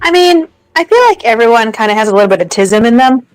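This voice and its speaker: A woman's voice: on the high side, expressive, fast talker, faint music behind, low-quality recording. A woman co-hosting a podcast, explaining her views frankly in casual chat.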